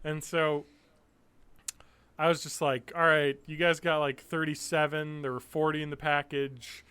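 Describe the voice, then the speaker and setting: A man's voice: fairly high pitch, flat delivery, unhurried, bright, forceful tone, clear, resonant tone. A young man co-hosting a podcast, chatting casually and telling loose, profane stories. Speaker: podcast co-host. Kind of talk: casual chat.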